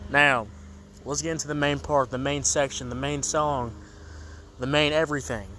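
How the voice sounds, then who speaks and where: A man's voice: medium pitch, steady tone, normal speed, pushed and bright, slight background noise. A man hosting a casual comedic music review show, rambling and joking in a laid-back way.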